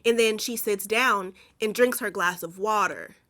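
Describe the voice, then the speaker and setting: A woman's voice: mid-range voice, unhurried, a bit bright. A young woman recapping a movie in casual, slangy talk full of "like" fillers and swearing. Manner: chatty, slangy and profane, many "like" fillers.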